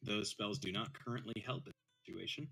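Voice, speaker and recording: A man's voice: lowish voice, brisk, gravelly, sharp tone, breathy edge, soft background music, poor audio. A man acting as game master in an online tabletop session, joking and laughing often. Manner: laughs often, plays a whining rich victim.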